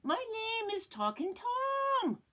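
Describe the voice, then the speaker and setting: A woman's voice: extremely high pitch, huge pitch swings, slow, noisy background. An older woman reading a picture book aloud to children in a playful, jokey way. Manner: playful, jokey, hammy voices. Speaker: storyteller.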